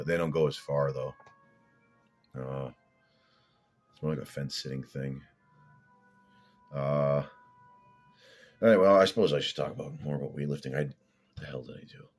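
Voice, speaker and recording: A man with an extremely deep voice talks in a loose, rambling vlog monologue. He is blunt and profane, wandering from one thought to the next with plenty of filler. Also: fairly even intonation, moderate pace, pauses often, a little mellow, faint music behind. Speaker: fitness vlogger.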